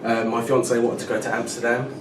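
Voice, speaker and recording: A man's voice: mid-range voice, little pitch movement, fast. A man in his thirties doing a stand-up comedy set at a pub comedy night, chatty and always checking in with the crowd. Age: 30s. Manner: chatty, keeps checking in with "right?". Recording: echoey room from far off, loud noise.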